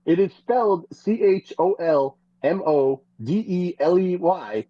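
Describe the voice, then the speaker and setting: A podcast co-host in casual gossip chat, telling stories in an animated, profane way. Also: mid-range voice, unhurried, dry recording, lo-fi sound. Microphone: podcast microphone.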